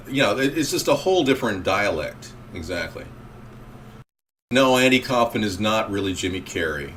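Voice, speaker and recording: A man's voice: mid-range voice, very animated, brisk, fairly bright tone. Male talk host, rambling call-in chat, faint hiss behind. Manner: rambling, reacting to callers and chat.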